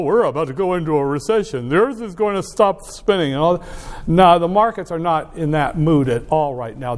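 A man's voice: fairly high pitch, a little mellow. A man lecturing a university finance class, wry and joking, addressing students directly with emphatic asides. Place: lecture hall.

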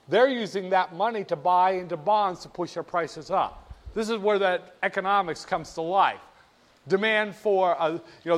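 A man teaching about stock charts in an animated, playful way, often asking the viewer rhetorical questions. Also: sits high. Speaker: finance instructor. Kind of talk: screen-share lesson on market charts.

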